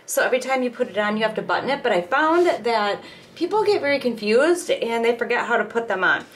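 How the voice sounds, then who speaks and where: A woman's voice: on the high side, fairly quick, a little hiss or hum. A middle-aged woman hosting a crochet tutorial, talking casually and step by step while she works with her hands at home. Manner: chatty and relaxed, talks while working with her hands. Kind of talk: casual step-by-step craft demonstration.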